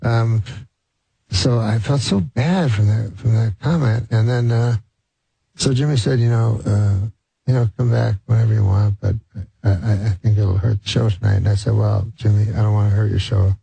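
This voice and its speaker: Gravelly, husky man telling a story. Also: fairly low pitch, steady tone, mellow, dry recording, poor audio. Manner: halting, understated storytelling with many fillers. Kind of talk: casual interview anecdote.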